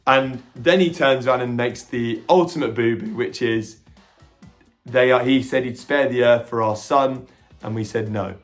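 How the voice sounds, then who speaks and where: A man at a mid-range pitch, talking through a film he has just seen in a lively, excitable recap. He keeps breaking into short acted quotes and tripping over restarts, while soft music plays faintly underneath. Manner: animated retelling, slipping into quick voiced quotes of characters; occasional stammering restarts. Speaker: podcast host reviewing a film. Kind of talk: casual film reaction recap.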